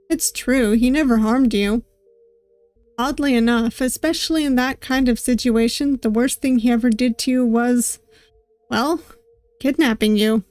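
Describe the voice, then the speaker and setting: Woman VTuber, casual and wry, reads game text slowly; soft game music behind. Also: fairly high pitch, no room sound. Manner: casual, wry asides between narration. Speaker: VTuber gaming streamer. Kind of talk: reading a visual novel game aloud.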